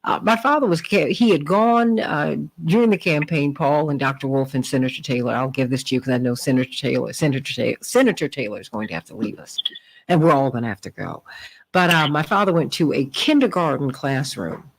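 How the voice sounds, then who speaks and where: A woman hosting a radio talk show, telling stories with lively, rising delivery. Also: brisk, a little hiss or hum, poor audio. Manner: animated storytelling, rising pitch in quotes. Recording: radio broadcast.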